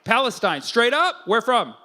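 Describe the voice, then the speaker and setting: A male stand-up comedian doing crowd work on a comedy club stage, teasing and swearing in quick banter through a handheld mic. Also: very high-pitched, very animated, pushed and bright.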